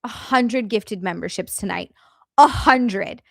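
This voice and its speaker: Hosting a casual livestream, a woman chats with her viewers and thanks them effusively, bubbly and giggly, with chatty asides as she navigates settings. Her medium-pitched voice is slow and gravelly, recorded at studio quality with no echo.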